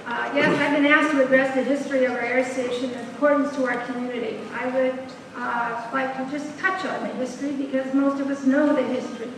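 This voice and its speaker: A woman's voice: high voice, little pitch movement, a little fast. A woman speaking plainly and pointedly as a community speaker at a public meeting. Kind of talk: public speech. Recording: echoey hall from far off, with background noise.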